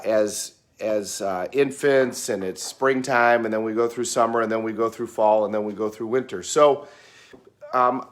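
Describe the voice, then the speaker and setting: A middle-aged American man talking in an unhurried, folksy way, musing on life and telling a story with plenty of fillers. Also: medium pitch. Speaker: speaker sharing reflections. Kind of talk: casual reflective monologue.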